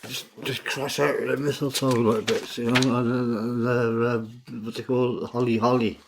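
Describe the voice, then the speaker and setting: Male sidekick co-host, mid-pitched, stop-start sweary banter. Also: level tone, gravelly, noisy background. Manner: halting, repeats words, sweary. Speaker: podcast co-host. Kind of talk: casual comedy chat.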